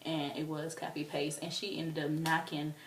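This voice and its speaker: A young woman telling a story casually as a vlogger, excitable and chatty with lots of fillers. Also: low-pitched, normal speed, a little hiss or hum. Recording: roomy, distant from the mic.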